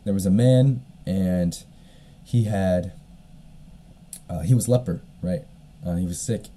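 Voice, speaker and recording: A man's voice: deep voice, takes it slowly, dark tone, a little hiss or hum. A man hosting a solo podcast, retelling a story in a casual, rambling way with lots of fillers and the odd cough. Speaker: podcast host.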